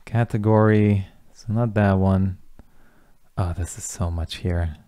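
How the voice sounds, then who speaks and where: A young man teaching a coding lesson, talking through each step as he types, with relaxed asides. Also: low voice, slow, clean tone, dry recording, studio quality. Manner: talks through steps while typing, relaxed asides. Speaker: coding instructor. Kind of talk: casual screen-recorded coding tutorial.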